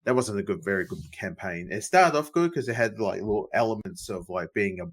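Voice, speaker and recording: A man's voice: fairly low pitch, animated, husky. A man co-hosting a podcast, chatting casually and swearing now and then. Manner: quick back-channel replies, swears casually. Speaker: podcast co-host. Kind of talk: casual chat.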